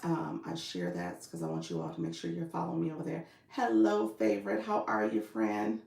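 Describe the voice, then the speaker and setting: Her voice is extremely low, creaky and a little mellow, with a brisk, sing-song delivery. She coaches live-stream viewers casually, laughing a lot and reading their comments aloud in an echoey room.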